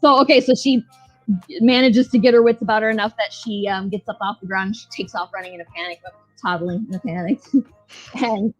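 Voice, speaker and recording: A woman's voice: mid-range voice, steady tone, brisk, faint music behind, rough recording. A woman co-hosting a podcast, recapping a show in casual, blunt, profane, joking chat. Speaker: podcast co-host.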